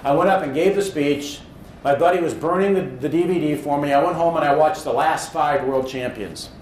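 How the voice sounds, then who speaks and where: A man who speaks professionally tells a motivational story about his own career in an earnest, animated way, now and then acting out his own thoughts. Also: on the high side, a little fast, echoey room, a little hiss or hum, low-quality recording.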